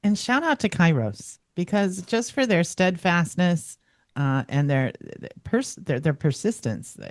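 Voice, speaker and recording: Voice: mid-range voice, very animated, unhurried, no echo, studio quality. A co-host speaking appreciatively, with some restarts. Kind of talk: casual interview chat.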